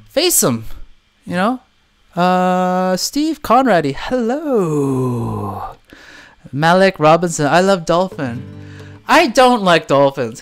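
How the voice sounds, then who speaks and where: Swim teacher guy on a live stream, super expressive, laughs a lot, bit of guitar in the background. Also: high-pitched, smooth. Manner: animated, laughs often, jokey. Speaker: livestream host and swim teacher. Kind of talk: casual livestream chat reading comments.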